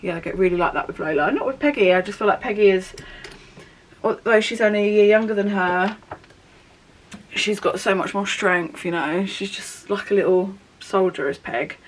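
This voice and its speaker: A woman's voice: lowish voice, rough recording. Chatty young woman. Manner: rambling, candid storytelling with frequent "like" fillers. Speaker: beauty vlogger. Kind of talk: chatty get-ready-with-me vlog. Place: at home doing makeup.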